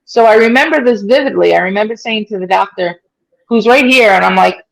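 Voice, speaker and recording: A woman's voice: fairly high pitch, brisk, vocal fry, rough recording. A woman in her forties telling her own story in an interview, conversational and full of fillers, acting out what people said. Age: 40s. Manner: conversational, many fillers, acts out quoted speech. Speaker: interviewee, stroke survivor.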